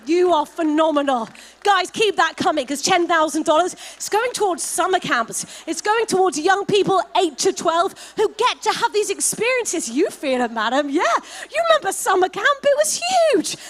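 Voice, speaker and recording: A woman's voice: very high-pitched, animated, moderate pace. A woman leading a live fundraising paddle raise at a gala, calling out donation amounts and heaping effusive praise on each donor. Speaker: fundraising auctioneer. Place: gala event hall.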